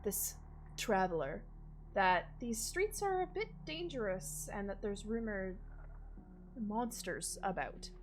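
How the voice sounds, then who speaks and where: A woman's voice: mid-range voice, animated, takes it slowly, background noise. A woman narrating a homebrew tabletop game as dungeon master, casual and chatty. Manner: casual, chatty, hesitant fillers.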